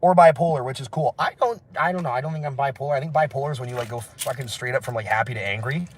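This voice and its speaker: A man rambling through a livestream while walking city streets outdoors, excitable and laughing, his voice hoarse from screaming. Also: medium pitch, very fast. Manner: excitable, laughing, shouting bursts.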